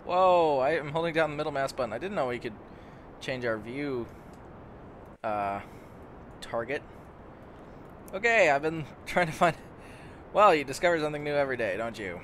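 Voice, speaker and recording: A man's voice: medium pitch, lively intonation, moderate pace, pauses often, a bit bright, slight background noise. A young man casually commenting on his own gameplay, rambling and stumbling over words, easily amazed.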